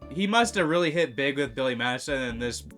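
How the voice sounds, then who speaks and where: A man's voice: mid-range voice, expressive, fast. A young man co-hosting a movie review chat, offering offhand, agreeable opinions in casual conversation. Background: soft background music.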